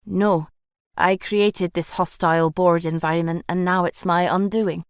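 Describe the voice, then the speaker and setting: Woman reading as a crushed woman in her forties, flat clipped monotone, dry audiobook sound. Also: on the low side, unhurried, smooth, no echo.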